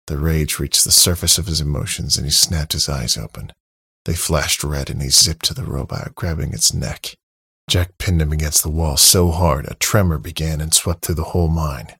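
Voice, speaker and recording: A man narrating a story in a steady, dramatic reading with a husky, creaky voice. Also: a bass voice, normal speed, no echo. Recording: dry close mic, faint music.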